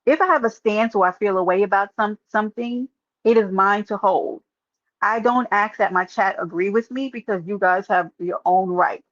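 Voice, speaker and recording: Woman streamer, mid pitch, lively and direct, on a dry, slightly muffled home mic. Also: normal speed, no echo. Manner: animated, talks straight to chat, calls out viewers by name. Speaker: live streamer. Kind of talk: casual opinion livestream.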